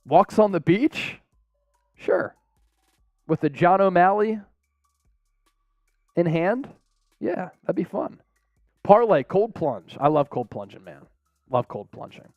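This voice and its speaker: A man's voice: high voice, sing-song, slow pace, pauses often, no room sound, muffled recording, soft background music. A man hosting a live sports stream, chatting casually in a laid-back, rambling way with frequent chuckles. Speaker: sports show host.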